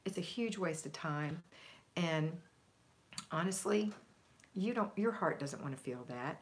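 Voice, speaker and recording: A woman hosting a homemaking livestream, giving upbeat, emphatic motivation in a chatty coaching tone and reading viewer comments aloud to answer them. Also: fairly low pitch.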